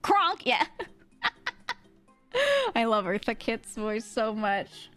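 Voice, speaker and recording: A woman streamer, chatting fast and casually with her chat, swearing freely and laughing often, in a mid-to-low register. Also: huge pitch swings, a bit bright, soft background music.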